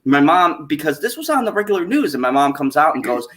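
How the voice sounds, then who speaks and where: A man hosting a casual live-stream chat, talking in an animated, profane way and laughing often. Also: on the high side, fast. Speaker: stream host.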